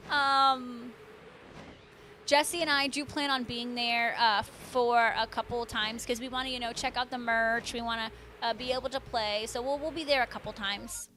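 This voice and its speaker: A woman's voice: on the high side, a bit bright, slight background noise. A young adult woman livestreaming, chatting casually with viewers and reading their messages in a bubbly, gushing way. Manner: bubbly, gushing, reads viewer names aloud. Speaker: streamer reading chat.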